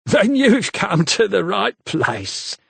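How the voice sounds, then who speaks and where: A man's voice: high voice, big pitch swings, slow, vocal fry, a bit bright, slightly rough, dry recording, voice pushed up, exaggerated voice. A man voicing a fat, coarse tavern bawd who mocks and cackles in a knowing way. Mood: mocking. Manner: mocking, knowing.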